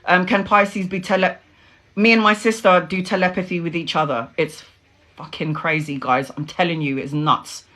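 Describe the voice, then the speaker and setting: A middle-aged woman, a tarot reader telling stories in casual, animated chat and swearing freely. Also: on the low side, normal speed.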